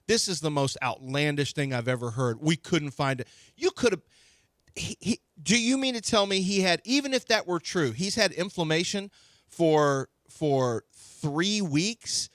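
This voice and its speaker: A man's voice: fairly high pitch, fairly bright tone, no room sound, studio quality. A man hosting sports talk radio, ranting indignantly and restarting his sentences.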